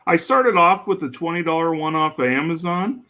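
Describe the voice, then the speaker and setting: A man who is a guest on a podcast, telling stories in a jokey, rambling, animated way. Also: on the high side, moderate pace. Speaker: podcast guest, home cook. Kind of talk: casual storytelling chat.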